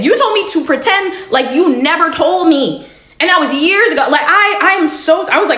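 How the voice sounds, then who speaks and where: A young woman in her twenties telling a personal story in a chatty, animated way. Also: extremely high pitch, brisk. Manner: chatty, animated retelling with laughs. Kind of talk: casual storytime. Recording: echoey room.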